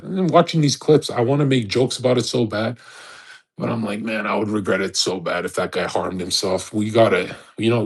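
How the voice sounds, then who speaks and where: A man in his thirties hosting a live audio chat room, lecturing in an emphatic, profane casual rant. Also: medium pitch. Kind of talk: casual ranting monologue.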